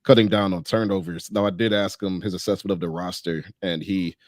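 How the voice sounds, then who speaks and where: A man from Detroit co-hosting a basketball podcast as a sports writer, talking in a measured, analytical way. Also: deep voice, fairly even intonation, no room sound. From Detroit, USA. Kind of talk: casual sports podcast chat.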